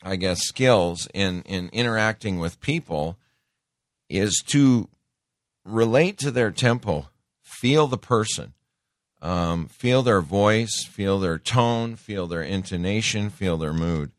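A man's voice: deep voice, animated, slow, no room sound, clean studio sound. A man giving a casual, conversational sermon, folksy, with many fillers and asides.

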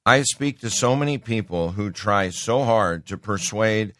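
Middle-aged guy ranting folksy politics, lowish voice, dry close sound. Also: lively intonation, unhurried, a bit bright, dry recording. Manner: folksy, plainspoken, calls listeners folks; preachy, quotes scripture. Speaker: talk show host. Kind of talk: opinionated political commentary.

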